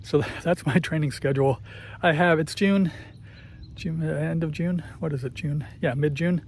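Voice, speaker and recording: A man's voice: a little high, moderate pace, creaky, a little hiss or hum. A man in his fifties chatting casually and swearing freely as he talks while cycling outdoors on a country road, at times out of breath. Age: 50s. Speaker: vlogger.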